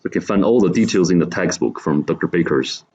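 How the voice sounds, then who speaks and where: Low-voiced man lecturing to a class. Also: a little fast, darkish tone, highs cut off. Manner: explaining step by step, asking the class questions. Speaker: university lecturer.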